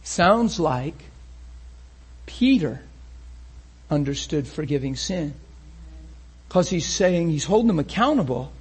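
This man delivers a deeply passionate sermon, often shouting and dramatizing how listeners would react. His slightly rough, slightly high voice is very animated, yet he takes his time with long pauses.

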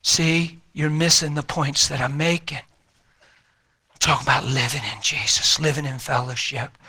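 A man telling an emotional personal faith story in an animated way, repeating words and acting out what people said. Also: on the high side, a little slow, breathy edge. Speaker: speaker sharing a personal faith testimony.

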